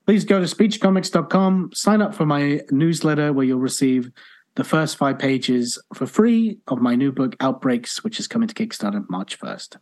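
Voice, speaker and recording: A man co-hosting a casual podcast, throwing in quick jokey remarks and plugs. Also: mid-range voice, animated, a little mellow. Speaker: podcast co-host.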